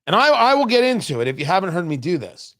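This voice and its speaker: A male talk show host delivering opinionated political commentary. His voice sits high and swings widely in pitch, and he leans hard on key words with drawn-out pauses. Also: very animated, fairly bright tone.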